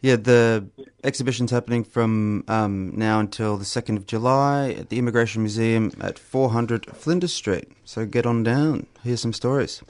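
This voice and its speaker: A man co-hosting a radio program, wrapping up an interview briskly. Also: mid-range voice. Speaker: radio co-host. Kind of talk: radio presenting.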